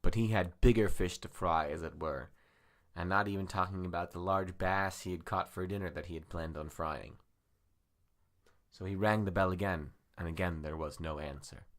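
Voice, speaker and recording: A man with a very deep voice narrates an improvised comic story. His delivery is dry and meandering. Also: moderate pace.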